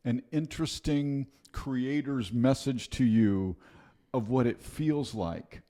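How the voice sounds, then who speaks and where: An older man, a podcast guest, talking reflectively and haltingly, often repeating words as he starts a sentence. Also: mid-range voice, warm tone. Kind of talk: reflective conversational talk.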